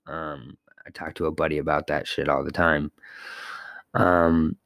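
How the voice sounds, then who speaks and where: A man's voice: a bass voice, little pitch movement, a little slow, fairly bright tone, dry recording, studio quality. A man hosting a solo podcast from his apartment, talking in a loose, rambling way with fillers and the odd swear word. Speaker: podcast host. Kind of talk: casual solo podcast monologue.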